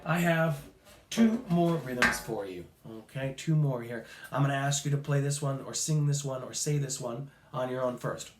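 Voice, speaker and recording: A man's voice: medium pitch, moderate pace, very noisy. A man teaching a children's music lesson, upbeat and counting off rhythms for the class to chant along. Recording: echoey room.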